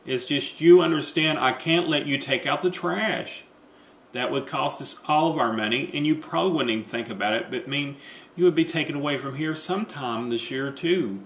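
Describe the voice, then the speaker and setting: A man's voice: medium pitch, normal speed, a bit bright, slight background noise, lightly acted. A man reading the part of a bossy, superstitious wife in a play, scolding and insistent, in an echoey room. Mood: pleading. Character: bossy superstitious wife fussing over New Year rules.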